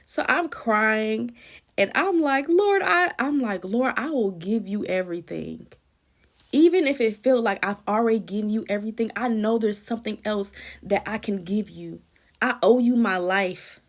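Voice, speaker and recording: A woman's voice: medium pitch, normal speed. A woman sharing a personal prayer testimony in an earnest, emotional, conversational way, often repeating and restarting phrases.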